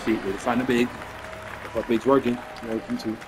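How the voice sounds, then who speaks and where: A man casually commenting on his basketball video game, excitable and swearing, cheering his teammates on and laughing often. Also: medium pitch, brisk, loud music behind the voice, a loud crowd. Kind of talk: casual live gameplay commentary.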